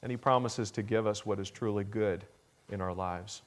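Earnest male pastor preaching. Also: moderate pace. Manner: earnest, builds to emphatic peaks then drops low and soft; acts out a child's pleading voice in a story. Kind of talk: sermon.

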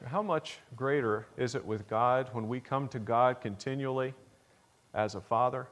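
A man preaching a Sunday morning sermon as pastor, earnest, rising to emphatic peaks and then dropping low and soft. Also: moderate pace. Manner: acts out a child's pleading voice in a story.

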